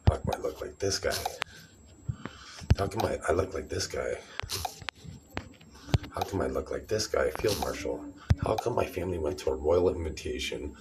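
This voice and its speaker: Man, 40s, very low voice, rambling agitated vlog rant, noisy clicky recording. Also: lively intonation, normal speed, pauses often. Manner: agitated, repetitive, restarting sentences. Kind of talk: rambling direct-to-camera monologue.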